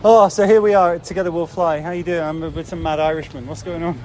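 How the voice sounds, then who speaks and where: Excitable high-voiced podcast host. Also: male voice, fast talker. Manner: excitable, swears casually. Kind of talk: casual interview.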